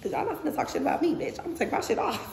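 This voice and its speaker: A woman's voice: high-pitched, very animated, racing, vocal fry, darkish tone. A woman telling a story in casual chat, profane and laughing often, talking to viewers as y'all. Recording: echoey room with long reverb and faint hiss.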